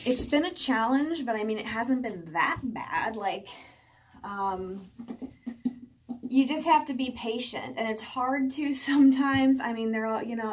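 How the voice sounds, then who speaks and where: A woman's voice: fairly high pitch, animated, measured pace. Chatty mother vlogging at home. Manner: chatty, many fillers, acts out quotes. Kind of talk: casual personal vlog. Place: indoors at home.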